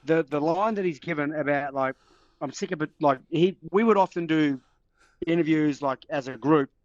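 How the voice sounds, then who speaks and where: A man's voice: a little high, moderate pace, no echo, highs cut off. A man with an Australian accent, a former rugby player co-hosting, telling stories animatedly and laughing. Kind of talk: casual storytelling chat.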